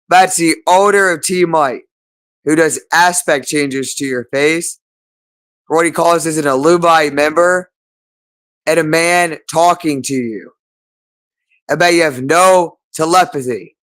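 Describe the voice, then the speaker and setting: Agitated man with a smooth voice. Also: fairly high pitch, fairly bright tone. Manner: agitated, repetitive, profane. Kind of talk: rambling monologue.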